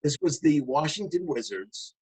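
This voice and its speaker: Chatty male podcast co-host, slightly high voice. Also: animated, normal speed, a little mellow, breathy edge, poor audio. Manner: laughs often, storytelling with restarts; jokingly puts on a booming announcer voice. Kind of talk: casual podcast chat.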